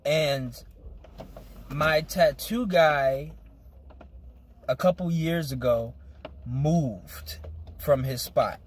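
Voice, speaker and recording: A young man tells a loose, slangy story in casual chat with his co-host. His voice sits a little high for a man, and a faint hum of room noise runs under it. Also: drawn-out words, pauses often. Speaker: podcast co-host.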